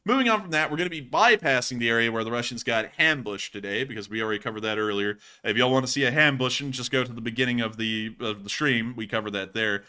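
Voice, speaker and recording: A man with a bright, forward voice hosts a live stream, talking casually over video clips. He keeps it loose and jokey, slipping in puns between calls. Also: medium pitch, fast, few pauses, smooth. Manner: joking, casual, chuckles at his own puns. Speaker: host of war news stream.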